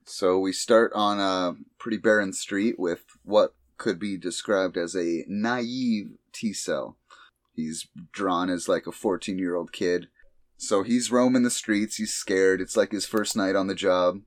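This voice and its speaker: A man co-hosting a casual chat, recapping a story with sudden high squeaky character voices. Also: unhurried, no echo. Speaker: podcast co-host recapping an anime.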